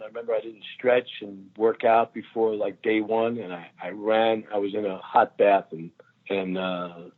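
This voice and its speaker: A man in his sixties, a guest actor, telling lively anecdotes in a casual chat and laughing often. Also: on the low side. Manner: animated storyteller, laughs often. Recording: tinny phone line.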